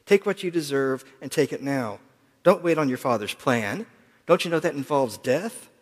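A man voicing Satan as a smooth-talking male tempter in a sermon, his delivery coaxing and insistent. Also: medium pitch, expressive, moderate pace, close to an everyday voice. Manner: coaxing, insistent, rising and louder. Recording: long hall reverb.

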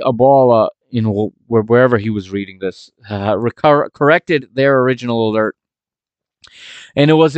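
A man hosting a solo podcast and recapping a football match, telling it as an animated story with frequent restarts. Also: mid-range voice, clean tone, no room sound, dull audio. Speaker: podcast host.

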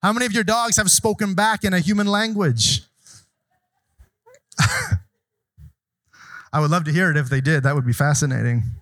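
A man's voice: sits high, fairly even intonation, moderate pace, long pauses, fairly bright tone. A man preaching a sermon, reading Bible verses aloud and explaining them with asides and questions to the congregation.

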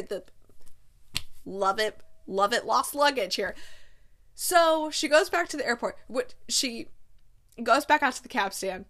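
A woman in her thirties recapping a movie in a chatty, casual way. She fills her speech with filler words and slips into quick quoted lines. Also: a little high, a bit bright. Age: 30s. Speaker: movie reviewer.

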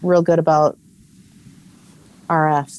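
A woman co-hosting a podcast in casual chat, teasing her friend with playful, quick quips. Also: deep voice, little pitch movement, a little mellow, dull audio. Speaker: podcast co-host.

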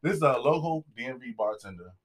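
A man's voice: mid-range voice, lively intonation, fast talker, breathy edge. A young man hosting a podcast in loose casual chat, joking and telling stories. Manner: loose, joking, drags out words when reading a plug. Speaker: podcast host.

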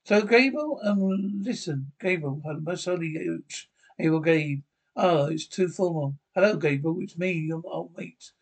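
A man's voice: on the high side, measured pace. An actor playing a fussy, nervous male angel who talks in a flustered, stammering, overly polite way. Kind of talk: TV drama acting.

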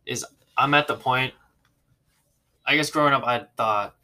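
A man's voice: mid-range voice, measured pace, sharp tone. A man in casual conversation, thoughtful and questioning, with many filler words. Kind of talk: casual chat.

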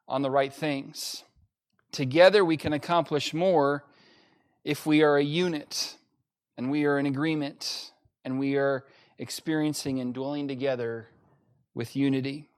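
A pastor preaching an emphatic sermon to a livestream audience, repeating key phrases with frequent fillers. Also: male voice, on the high side. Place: church during livestream-only service.

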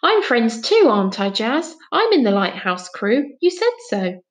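An eager, easily cross little boy from a storybook, voiced by a woman reader. The voice jumps high and loud above her own. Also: big pitch swings, unhurried.

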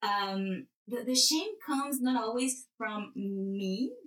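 Picture a young woman who grew up in Peru and speaks natively, recounting her experiences in a relaxed interview. She tells her story with plenty of restarts and lively asides. She sits back from the mic, and the room rings around her voice. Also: on the high side, takes it slowly. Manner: animated storytelling with many restarts. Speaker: guest. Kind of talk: casual interview conversation. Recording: roomy echo, distant from mic.

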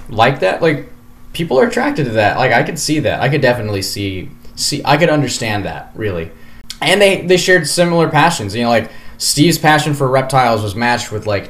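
A male podcast co-host telling a story at an ordinary mid pitch. He rambles through it in loose, casual chat, full of fillers and restarts. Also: fairly bright tone.

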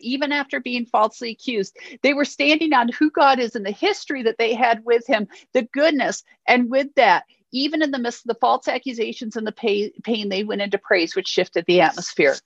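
A woman's voice: a little high, no echo. A woman preaching a sermon in an earnest, encouraging way, reading scripture aloud and checking in with listeners. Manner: earnest, encouraging, frequent "okay?" check-ins. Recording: slightly muffled, dry.

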